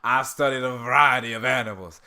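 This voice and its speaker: Dude doing a cranky old guy voice, overdone drawl, pretty bright tone. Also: mid-range voice, steady tone, fairly quick, clear, resonant tone. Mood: mocking. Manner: exaggerated drawl, broken by laughing. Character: cranky old man, a streamer's loose impression.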